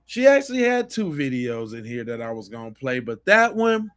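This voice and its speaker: A man's voice: mid-range voice, moderate pace, clear, resonant tone. A man hosting a podcast, reacting to clips with emphatic, profane commentary. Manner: animated, emphatic, swears freely. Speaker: podcast host.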